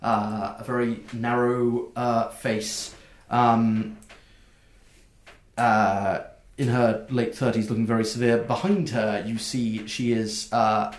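A man narrating a tabletop game as game master, describing scenes with many pauses and fillers. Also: mid-range voice, little pitch movement. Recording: echoey room.

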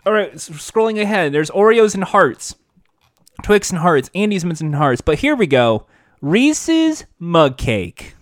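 Lively high-voiced man hosting a podcast. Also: unhurried, no echo, studio quality. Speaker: podcast host. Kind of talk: casual podcast chat.

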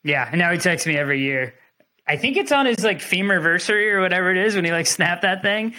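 Animated young man telling a wild story. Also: high-pitched, fast. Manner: animated, laughing, mimics voices. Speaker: podcast host. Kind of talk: casual storytelling.

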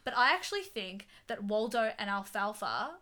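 A woman's voice: medium pitch, very animated, moderate pace, pushed and bright. A woman co-hosting a casual chat, talking in an emphatic, opinionated way.

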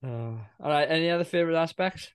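A man's voice: a little high, fast, clean tone, no echo, clean studio sound. A man co-hosting a casual film chat, rambling and restarting his sentences, laughing as he goes. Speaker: podcast co-host.

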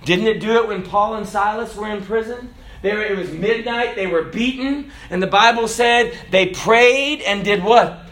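High-voiced animated man preaching. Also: normal speed, roomy sound. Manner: animated, folksy preaching with laughs and shouted lines. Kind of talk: sermon. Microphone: phone recording.

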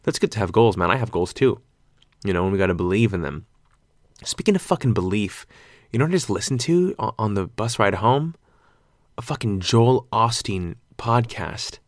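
Man, 20s, solo podcast host, jokey rambling chat, fairly low voice, dry sound. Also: lively intonation, normal speed, dry recording. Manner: rambling, jokey, swears casually.

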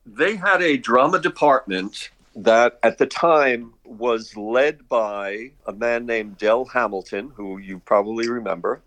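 A man's voice: mid-range voice, measured pace, hardly any pauses, fairly bright tone, no room sound. An older man from Brooklyn, a guest on an interview show, telling long anecdotes in a rambling, chuckling way. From Brooklyn, New York. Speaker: guest, artist and director. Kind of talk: casual interview storytelling.

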